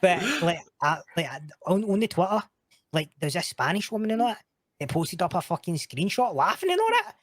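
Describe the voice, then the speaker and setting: A man's voice: high voice, big pitch swings, a little fast, fairly bright tone, dry recording, studio quality. A man with a Scottish accent, a guest on a casual chat show, swearing freely and laughing through his stories. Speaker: podcast guest.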